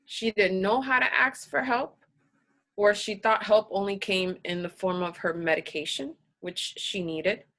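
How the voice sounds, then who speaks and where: A woman guest on a podcast, telling her personal story in an earnest, halting way, emotional and close to tears. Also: medium pitch, steady tone. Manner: earnest, halting, with restarts and soft laughs.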